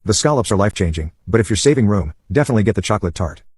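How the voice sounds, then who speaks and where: A man's voice: fairly low pitch, animated, very fast, darkish tone, breathy edge, no room sound, studio quality. A man voicing a witty, friendly young waitress in a story reading. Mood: playful.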